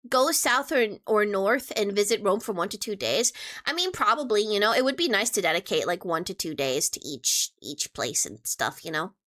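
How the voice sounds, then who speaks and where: A woman's voice: mid-range voice, very animated, normal speed, a bit bright. A young woman streamer chatting casually with her viewers, playful and teasing as she answers questions.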